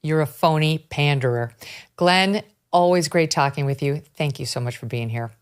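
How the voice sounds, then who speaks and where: A woman's voice: low-pitched, moderate pace, clean tone. A woman hosting a talk show, speaking emphatically and with disbelief about politics. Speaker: podcast host. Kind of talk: political commentary chat.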